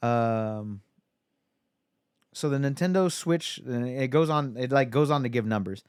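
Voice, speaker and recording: Smooth-voiced man chatting on a podcast. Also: medium pitch, unhurried, no room sound, studio quality. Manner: rambling, lots of fillers. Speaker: podcast co-host. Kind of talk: casual chat.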